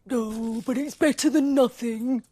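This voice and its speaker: A woman voicing a small, gentle, sleepy male bear in a storybook, drawing out his plaintive complaints. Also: on the high side, unhurried, pitched above the performer's own voice. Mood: fussy.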